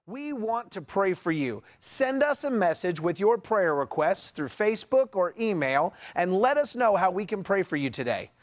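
A pastor closing his podcast in a gentle, inviting tone. His male voice sits high and moves with a lively, rising and falling lilt. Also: moderate pace, hardly any pauses.

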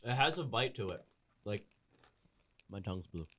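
A man's voice: fairly low pitch, animated, moderate pace, fairly bright tone. A man co-hosting a casual taste test over a video call, laid-back and swearing casually. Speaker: co-host. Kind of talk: casual chat.

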